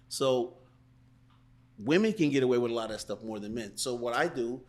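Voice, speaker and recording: A man talking as a sales coach on a podcast, who keeps slipping into quick role-played customer and salesperson lines. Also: mid-range voice. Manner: animated, acts out sales calls in different voices. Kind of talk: casual interview chat.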